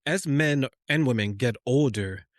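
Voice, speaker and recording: A man hosting a podcast, asking slow, drawn-out questions in a casual interview. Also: mid-range voice, no echo, clean studio sound. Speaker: podcast host.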